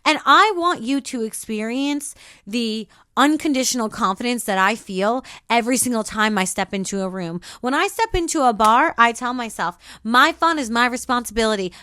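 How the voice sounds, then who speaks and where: Woman host, high and bright-toned, dry booth sound; preachy, emphatic motivational monologue. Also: expressive, moderate pace, clean tone, dry recording. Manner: repetitive, declarative affirmations. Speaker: podcast host.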